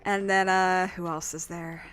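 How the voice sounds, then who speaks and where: A woman's voice: lowish voice, level tone, a little slow, fairly bright tone. A woman streaming a video game and chatting casually with viewers, rambling and self-deprecating, with lots of fillers. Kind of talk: casual gaming stream chat.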